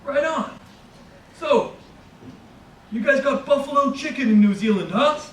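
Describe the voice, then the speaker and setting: A man voicing a brash, friendly male New York bodega customer who talks loudly and laughs a lot. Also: extremely high pitch, lively intonation, unhurried, echoey room, far from the mic, a little hiss or hum, pitched above the performer's own voice, full character voice. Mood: eager. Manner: loud, laughing, overeager.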